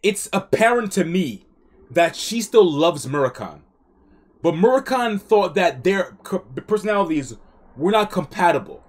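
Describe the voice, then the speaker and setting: A man streaming a live reaction to a comic, reading along and breaking in with slangy, excitable commentary. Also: high voice, measured pace. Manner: slangy, excitable, talks back at the story.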